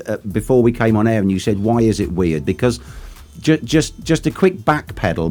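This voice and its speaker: Male co-host, lowish voice, enthusiastic rambler who slips into mock voices. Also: darkish tone. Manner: rambling, enthusiastic, acts out quotes. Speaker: radio show co-host. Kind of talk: casual chat.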